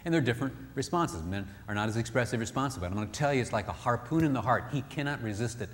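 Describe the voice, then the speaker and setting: At a marriage seminar, a man tells stories to a live audience, acting out quoted voices and emphatically repeating phrases. His mid-range voice is fairly bright, with lively intonation and a racing pace. The recording has a reverberant hall sound and faint background noise.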